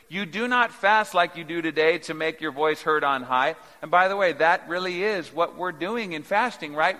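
Dynamic male preacher in a reverberant hall. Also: a little high. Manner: dynamic, swings from quiet to emphatic. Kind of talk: sermon. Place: church sanctuary. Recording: long reverb of a large hall.

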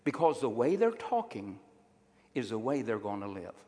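Lively preaching man in a reverberant hall. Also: mid-range voice, normal speed. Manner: emphatic preaching with call-and-response. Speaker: pastor. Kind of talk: sermon.

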